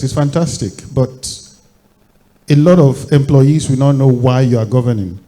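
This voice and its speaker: Guy on a panel, really warm mellow voice, lays out his advice. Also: medium pitch. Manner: advisory, lists points with "you know" fillers. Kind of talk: panel discussion answer.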